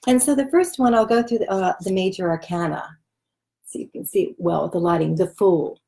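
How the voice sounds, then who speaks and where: A woman's voice: lowish voice, normal speed, creaky, warm tone. Chatty woman showing a tarot deck. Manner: chatty, loose, with many fillers. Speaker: tarot reader. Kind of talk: casual chat showing a deck.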